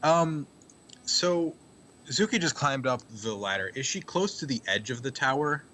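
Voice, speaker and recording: A man's voice: medium pitch, lively intonation, unhurried, bright, forceful tone. A man playing a tabletop game, planning his character's move in a dry, thoughtful way. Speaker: player. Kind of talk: casual tabletop game chat.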